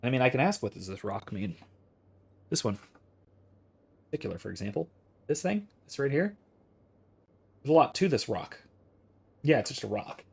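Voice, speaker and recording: Husky-voiced man, 30s, casual philosophy streamer who thinks out loud. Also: medium pitch, big pitch swings, moderate pace, pauses often. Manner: rambling, thinks aloud with restarts. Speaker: philosophy streamer reading chat.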